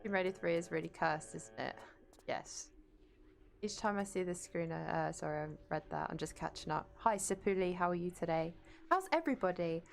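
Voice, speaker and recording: A woman's voice: lowish voice, animated, fairly quick, gravelly. A woman streaming a game from home without a webcam, chatting casually and reading out and greeting her viewers. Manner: chatty, greets viewers and reads chat aloud. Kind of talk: casual live-stream chat while gaming. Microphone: desk mic, no webcam.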